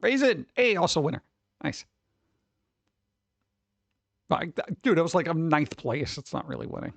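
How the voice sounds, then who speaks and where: A man's voice: on the high side, very animated, moderate pace, creaky, no room sound. A man chatting casually on a live stream, rambling, swearing freely and often laughing.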